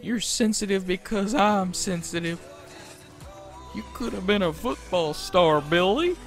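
A woman's voice: mid-range voice, expressive, a little slow, over music, voice pushed down. A woman voicing a crude, melodramatic, man-hungry mother in a survival game, with a theatrical, sing-song delivery.

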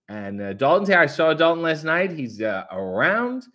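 Jokey man reading chat, very animated pitch. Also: moderate pace. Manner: jokey, sarcastic, rambling. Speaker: livestream host reading chat. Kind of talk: casual live chat.

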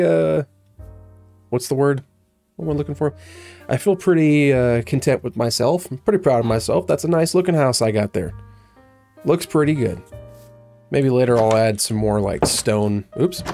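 A man's voice: on the high side, vocal fry, dark tone. A man giving casual, rambling commentary as he plays a video game, talking to himself in a playful way. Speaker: gaming YouTuber. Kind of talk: casual Let's Play commentary.

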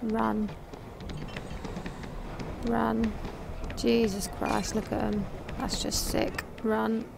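A woman's voice: on the high side, flat delivery, extremely slow, vocal fry, long pauses, background noise. A young woman commentating a horror game as she plays, frantically urging her character on, swearing, and muttering to herself. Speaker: gaming video host.

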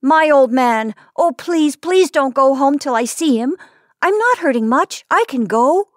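A small, hurt little boy with a high, urgent voice, as a woman reader puts him on. He begs in a raised, tearful tone, close and dry. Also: animated, a little slow, no echo. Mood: pleading.

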